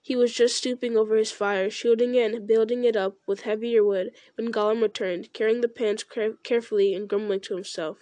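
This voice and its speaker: A woman reading a novel aloud in a steady, measured storytelling voice. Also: a little high, no room sound. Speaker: reader.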